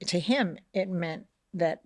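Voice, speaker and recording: Middle-aged woman, storytelling chat, animated, plays out voices, dry close sound. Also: fairly low pitch, takes it slowly, no echo. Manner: animated storyteller, acts out quoted voices, keeps asking "right?". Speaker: podcast co-host, mother of the host.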